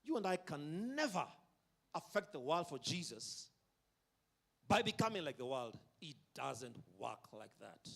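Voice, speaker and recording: A man's voice: fairly high pitch, big pitch swings, vocal fry, a bit bright. A man preaching a sermon at a concert, emphatic, drawing out key words and having the audience repeat lines after him. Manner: emphatic, drawn-out delivery with call-and-response. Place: concert venue.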